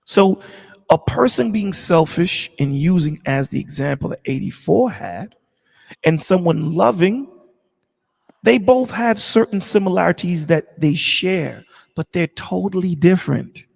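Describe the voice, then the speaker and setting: A man's voice: high-pitched, lively intonation, unhurried, vocal fry, a little mellow, long reverb tail. A man in a casual discussion, talking emphatically and repeating his points like a preacher. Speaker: stream co-host.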